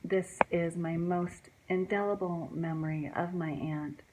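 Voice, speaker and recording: A woman with a slightly low voice speaks reflectively as she shares family memories. Background noise sits under her voice. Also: steady tone, unhurried. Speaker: niece. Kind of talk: family remembrance.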